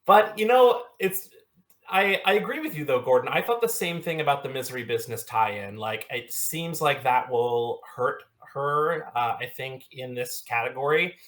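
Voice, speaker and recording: A man's voice: mid-range voice, normal speed, fairly bright tone. A man on a casual music panel, teasing and wry.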